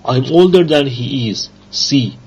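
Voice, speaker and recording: A man teaching an English grammar lesson, reading rules and examples aloud slowly with pauses and fillers. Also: medium pitch, animated, darkish tone, husky. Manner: slow, halting reading with fillers. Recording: dull lo-fi recording.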